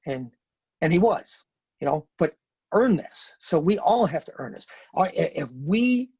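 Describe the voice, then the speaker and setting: Retired Marine guest, middle-aged man, husky and forceful in delivery, close dry lo-fi mic. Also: fairly high pitch, no room sound. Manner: blunt, emphatic, repeats words when stressing a point. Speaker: podcast guest, retired Marine sergeant major. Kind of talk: conversational interview talk. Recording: dry, dull lo-fi sound.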